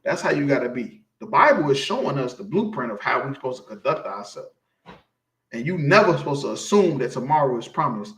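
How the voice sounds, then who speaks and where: A man's voice: mid-range voice, very animated, fairly quick, a bit bright, echoey room. A man giving an informal sermon, teaching scripture emphatically and asking his listeners again and again if they follow him. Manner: emphatic, preachy, keeps asking "you feel me". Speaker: street preacher teaching scripture.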